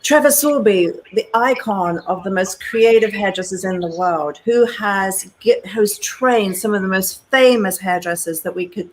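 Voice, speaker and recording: A British woman in her sixties, an animated storyteller who talks straight to her listeners in an interview. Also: mid-range voice, unhurried, few pauses, slight background noise, low-quality recording. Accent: British English. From England. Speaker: guest hairdresser and educator.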